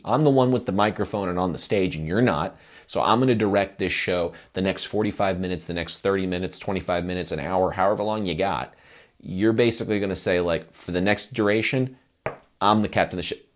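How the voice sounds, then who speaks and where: Lively low-voiced man coaching. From Oklahoma, USA. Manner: animated, acts out crowd scenes, playful. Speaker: performance coach. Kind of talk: instructional talk to camera.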